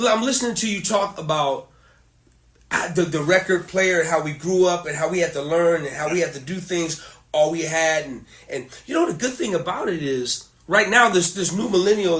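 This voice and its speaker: A middle-aged man chats casually as a podcast host, his voice bright and high for a man. He tells animated stories and laughs often. The recording has a roomy echo. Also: moderate pace. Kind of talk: casual conversation.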